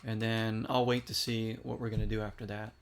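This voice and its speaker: A man's voice: fairly low pitch, little pitch movement, brisk, smooth. A man giving casual, chatty commentary while playing a video game and reacting aloud to each shot. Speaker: gaming streamer.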